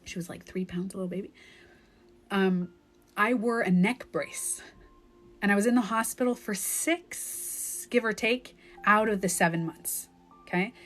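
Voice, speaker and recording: A woman's voice: medium pitch, unhurried, fairly bright tone, soft background music. A woman life coach in her thirties, telling a candid, emotional story in a phone live-stream monologue, with lots of "like.".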